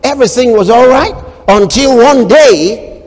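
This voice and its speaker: A man preaching a sermon as pastor, swinging between hushed storytelling and loud proclamations and acting out quoted voices. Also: very high-pitched, lively intonation, unhurried, long reverb tail.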